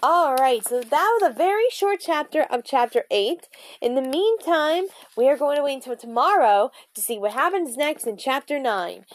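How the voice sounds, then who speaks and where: A woman reading a children's chapter book aloud in a bubbly, expressive way. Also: high voice, normal speed, no room sound. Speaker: storybook reader vlogger.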